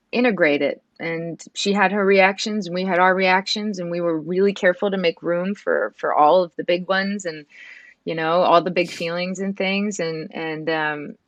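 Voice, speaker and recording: A woman in her thirties, a guest in an emotional interview, speaking softly and earnestly with many halting restarts. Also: on the low side, fairly even intonation, dry recording, highs cut off. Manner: soft and earnest.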